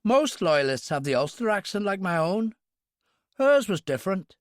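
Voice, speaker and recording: A man's voice: high voice, big pitch swings, normal speed, no echo, clean studio sound, voice pushed up. A man voicing a wry Irishman with a Northern Irish accent who teases in a flowery brogue, in an audiobook. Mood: teasing. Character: wry Ulster Irishman, cheeky gunman.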